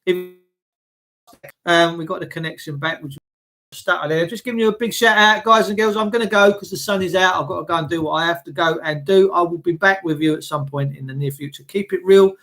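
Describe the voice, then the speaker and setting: A man hosting a casual livestream, blunt and preachy, swearing freely, clearing his throat as he greets viewers by name. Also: sits high, fairly quick, a bit bright. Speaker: livestream host.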